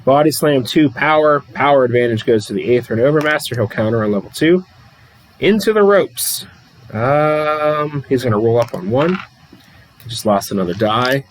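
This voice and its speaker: A man's voice: mid-range voice, normal speed, slight background noise, poor audio. A man from the Pittsburgh area hosting a livestream, calling a tabletop wrestling card game play by play, reading chat and laughing often at himself. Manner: chatty, laughs often, self-deprecating.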